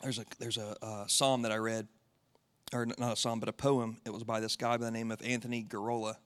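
A young man preaching a sermon, earnest and personal, rising to loud impassioned passages. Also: lowish voice, level tone, brisk, smooth. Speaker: pastor.

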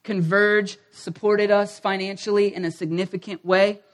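A man's voice: high voice, moderate pace. A middle-aged male pastor telling a personal story in a sermon, acting out the voices of people in it. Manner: animated, acts out quoted voices.

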